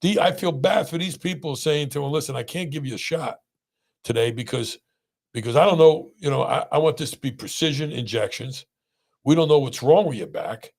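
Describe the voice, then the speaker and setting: A man's voice: fairly high pitch, fairly quick, gravelly. A middle-aged man, a pain doctor hosting a podcast, telling stories in casual chat and acting out the people he quotes. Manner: animated, acts out quoted voices.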